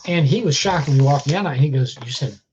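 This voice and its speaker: A blunt man with a chest cold, lecturing his viewers in a casual live stream rant, swearing freely as he goes. His voice sits a little high for a man. The stream audio is dull and lo-fi, with faint noise underneath. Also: fairly quick, darkish tone. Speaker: vlogger.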